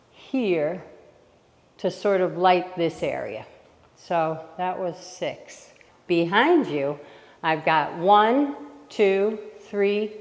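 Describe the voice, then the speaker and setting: A woman's voice: mid-range voice, a little mellow. Woman designer in an echoey room. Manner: practical, reassuring, thinks aloud while counting. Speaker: interior designer. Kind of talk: casual on-site walkthrough tutorial. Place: kitchen under renovation, indoors.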